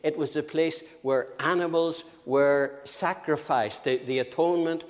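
An older man preaching a sermon, swinging from loud emphatic phrases to quiet asides. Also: a little high. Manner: lively with sudden rises and drops, slow emphatic phrasing. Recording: long reverb of a church hall.

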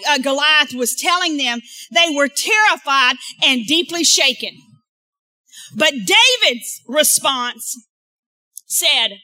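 Woman pastor, sermon delivery, bright and fairly high, swinging loud and soft. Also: no echo, low-quality recording.

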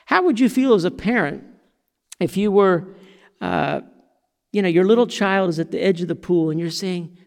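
Guy preaching, high gravelly voice, big echo off a church hall, jumps up loud when he quotes stuff. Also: moderate pace, pauses often. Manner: animated, sings song lines and acts out quotes. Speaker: pastor. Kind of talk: sermon.

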